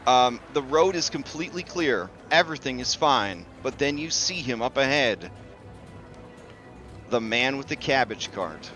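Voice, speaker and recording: A man's voice: medium pitch, animated, measured pace, pushed and bright, soft background music. A man running a tabletop game as game master, talking loosely and chattily with many fillers and the odd curse.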